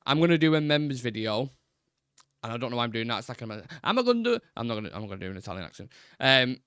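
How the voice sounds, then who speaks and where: A man's voice: mid-range voice, a bit bright, clear, resonant tone, no room sound, studio quality. A man hosting a live football fan stream, chatting casually and bluntly, swearing freely and restarting his sentences as he rambles. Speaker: football fan channel host.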